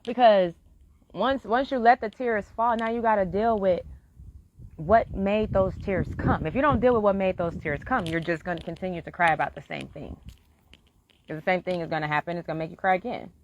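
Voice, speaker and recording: Speaking briskly at medium pitch, a woman delivers a frank live-stream monologue, swearing liberally while earnestly encouraging listeners. The audio is dull, dry lo-fi with a little hiss or hum.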